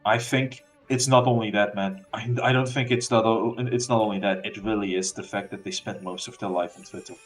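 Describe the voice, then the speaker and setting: A man's voice: fairly low pitch, steady tone, a little fast, hardly any pauses, faint music behind. A man co-hosting a livestream in casual chat, blunt and swearing casually. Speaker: stream co-host.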